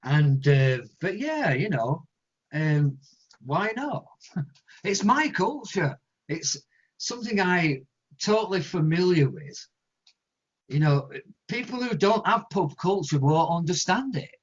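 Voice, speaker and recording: English guy, husky voice, kinda high, spins a story and does the voices, lo-fi muffled sound. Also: takes it slowly. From England. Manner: animated storyteller, acts out quoted voices. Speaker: guest musician. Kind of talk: storytelling interview answers. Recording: lo-fi muffled audio.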